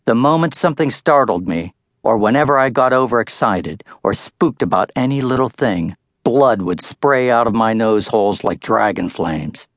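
A man's voice: mid-range voice, expressive, normal speed, dry recording, clean studio sound. Wry older man reading an audiobook. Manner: wry, storytelling first-person narration. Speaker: author-narrator. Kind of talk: audiobook narration.

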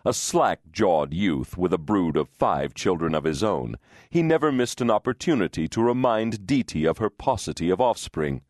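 This is a deep-voiced man narrating an audiobook, telling a scripted story in a measured, expressive way. The recording is dry and studio quality, made with a studio microphone.

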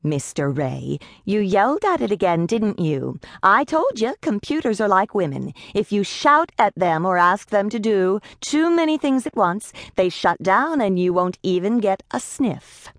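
A woman voicing a brisk, sharp-tongued secretary who talks crisply and sardonically. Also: medium pitch, big pitch swings, dry recording, studio quality, pitched above the performer's own voice. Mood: sardonic.

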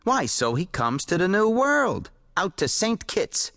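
A man's voice: sits high, big pitch swings, a little slow, vocal fry, fairly bright tone, no echo, clean studio sound, voice pushed up, exaggerated voice. Horace, a man doing a wound-up pulp writer. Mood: eager. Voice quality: eager, rambling, folksy slang. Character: excitable boastful male pulp writer, hot-headed. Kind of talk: audiobook character voice.

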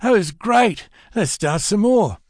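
A man voicing a big, upper-class ex-soldier who talks calmly and reasonably with a slight drunken slur, in an upper-class English accent. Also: medium pitch, slow, dry recording, studio quality. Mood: elated. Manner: calm, reasonable, slightly slurred. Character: hulking upper-class ex-soldier, calm then brawling.

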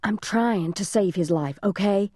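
A woman voicing a determined, protective older boy who speaks softly but firmly. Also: medium pitch, unhurried, husky, no room sound, clean studio sound. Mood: hushed firm. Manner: soft, firm, hushed and bossy.

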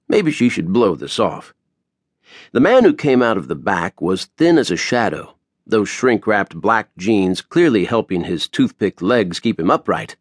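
A male audiobook narrator with a fairly low voice, reading with a wry, playful touch. His delivery swings up and down with plenty of melody, and the recording is close and dry with no room sound. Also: animated, normal speed, no echo. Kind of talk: scripted narration.

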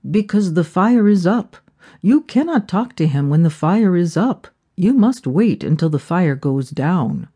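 A woman's voice: on the low side, very animated, measured pace, dark tone, breathy edge, exaggerated voice. Woman voicing a patient taxi driver. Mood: gently advising. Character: calm, wise male Balinese taxi driver.

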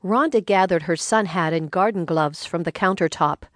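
Slow, measured woman audiobook narrator. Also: lowish voice, dry recording, studio quality. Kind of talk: scripted narration.

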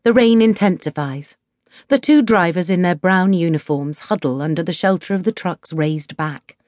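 A woman with an English accent narrating an audiobook in a measured, expressive way. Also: lowish voice, dry recording. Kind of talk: scripted narration.

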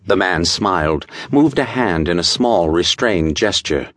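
Deep-voiced male audiobook narrator. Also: lively intonation, a bit bright, dry recording, studio quality. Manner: measured, dramatic pulp storytelling. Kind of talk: scripted narration.

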